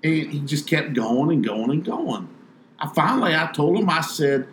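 A professional bass angler telling a story in casual talk, animating it by acting out the others. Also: male voice, expressive, moderate pace, fairly bright tone, echoey room, a little hiss or hum.

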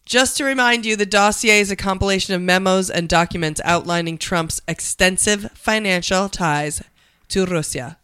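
A woman's voice: mid-range voice, normal speed, fairly bright tone, smooth, dry recording, clean studio sound. Playful young woman podcast co-host. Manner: playful, jokey, groaning reactions. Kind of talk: casual chat.

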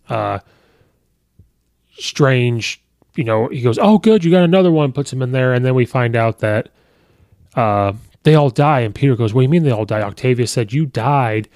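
A man hosting a podcast, recapping a film in a casual, rambling way with many fillers and quick quoted asides. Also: mid-range voice, darkish tone, clear, resonant tone, no room sound, clean studio sound. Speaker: podcast host reviewing a film. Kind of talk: casual movie review.

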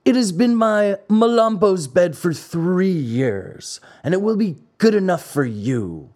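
A man voicing an angry, rough-spoken farmer scolding a thief. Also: high-pitched, animated, slow pace, a little mellow, voice pushed up, heavily acted. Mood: stern. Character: angry gruff male farmer.

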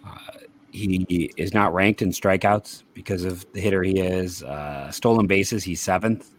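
A man's voice: low-pitched, measured pace, a little hiss or hum. A man hosting a casual sports podcast, reading statistics aloud with frequent fillers and restarts. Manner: reads stats aloud, hesitant with fillers and restarts. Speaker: podcast host.

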